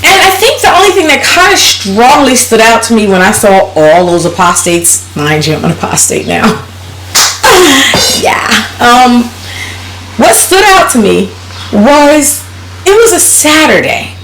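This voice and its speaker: A woman's voice: fairly high pitch, sing-song, measured pace, a bit bright, slight background noise. Woman, casual vlogger, blunt and profane storyteller, echoey room. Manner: blunt, profane, laughs while telling.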